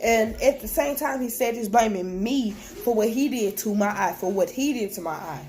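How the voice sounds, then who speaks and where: A woman's voice: a little high, moderate pace, a little mellow. Young woman telling a candid story. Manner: candid, plain-spoken retelling with quoted dialogue. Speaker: vlogger. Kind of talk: storytime to camera. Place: at home with children nearby.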